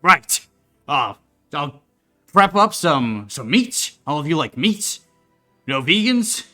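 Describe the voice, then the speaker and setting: A woman game master voicing an excitable older half-elf father who talks loudly and stumbles over his apologies in a tabletop game. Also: deep voice, slow pace, soft background music, pitched above the performer's own voice, full character voice. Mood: hospitable. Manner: loud, flustered, tripping over apologies.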